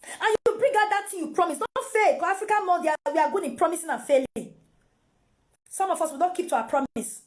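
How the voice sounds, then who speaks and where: A woman's voice: very high-pitched, fast talker. A Nigerian woman and mother giving casual parenting advice to camera, repeating phrases and mixing in pidgin.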